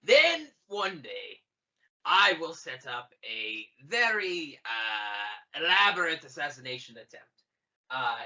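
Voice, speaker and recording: A man's voice: a little high, sharp tone, muffled recording, full character voice. A man voicing a scheming male villain lord who boasts of his plans, in a gloating monologue.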